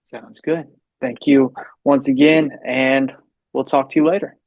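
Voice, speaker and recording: A man's voice: medium pitch, steady tone, a little slow, dry recording, dull audio. A man hosting a podcast, asking interview questions in a hesitant way with many ums. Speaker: podcast host.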